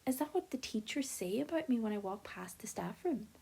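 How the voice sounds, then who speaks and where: A woman narrating an audiobook in first person, with a lively, expressive telling. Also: a little high, a little fast, vocal fry, breathy edge.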